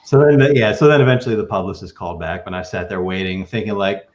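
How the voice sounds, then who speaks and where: A man hosting a podcast, telling stories in a casual, animated way. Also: sits low, fast, hardly any pauses, highs cut off. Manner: animated, acts out quoted lines. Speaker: podcast host. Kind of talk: casual storytelling chat.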